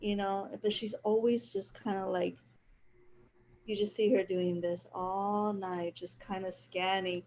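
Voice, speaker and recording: Woman host chatting, mellow voice, rambles and laughs a lot, a little hiss behind. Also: mid-range voice, flat delivery, unhurried. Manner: rambling storyteller, laughs often. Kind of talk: casual spiritual chat.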